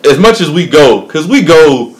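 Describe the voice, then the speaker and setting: A man's voice: fairly high pitch, sing-song, normal speed, low-quality recording. Casual male co-host, rambling, laughs easily. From Charlotte, North Carolina. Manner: rambling, laughs often, restarts. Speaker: podcast co-host. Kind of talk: casual chat.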